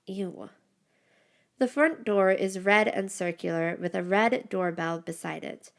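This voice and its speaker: A woman narrating a first-person fantasy story in an expressive, descriptive way. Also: mid-range voice, moderate pace, vocal fry.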